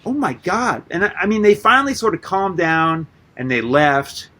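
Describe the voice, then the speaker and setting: A man guest on a radio interview, telling rambling stories in a loose, animated way, full of "like" and casual swearing. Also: fairly high pitch, moderate pace. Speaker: guest artist and musician.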